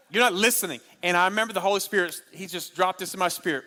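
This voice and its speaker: Bright-voiced preacher in a reverberant hall. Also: male voice, sits high, quick pace, few pauses. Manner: animated, humorous preaching with repeated key lines. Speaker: pastor. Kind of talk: sermon at a marriage conference.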